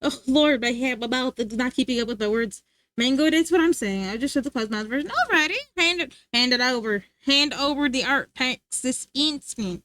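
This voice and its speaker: A woman's voice: sits high, animated, fast talker, a bit bright, dry recording. A woman streamer chatting casually and playfully with her live chat, laughing often.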